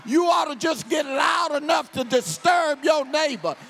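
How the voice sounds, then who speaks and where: A male pastor delivering a sermon in a call-and-response style, shouting his points to the congregation and then dropping to quiet storytelling. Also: extremely high pitch, expressive, a little slow, gravelly, soft background music. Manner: drops to quiet storytelling between outbursts.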